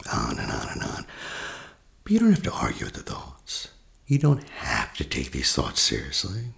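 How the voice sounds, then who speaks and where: A man, a therapist, talking a listener through a guided meditation in a slow, soft voice that often drops to a near whisper. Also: a bass voice, wildly swooping pitch, creaky. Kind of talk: guided meditation with teaching asides.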